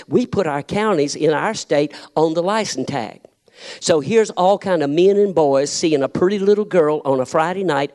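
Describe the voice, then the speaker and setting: A middle-aged man, preaching a sermon, telling a family story and building up to shouted challenges. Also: on the high side.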